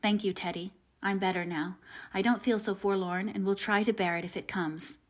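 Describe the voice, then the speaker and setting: An impulsive, tender-hearted teenage girl from a classic novel, voiced by a woman reading aloud. She swings between heavy sighs and bright, high-pitched outbursts. It is a plain audiobook reading of a storybook character. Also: moderate pace, natural voice. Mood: forlorn. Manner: emotional, breaks into high excited cries. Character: passionate tomboyish teenage girl, warmhearted.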